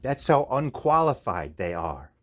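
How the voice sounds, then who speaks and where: Very animated yet measured in pace, this medium-pitched man rages through a profane, repetitive monologue in his own video about living with chronic pain.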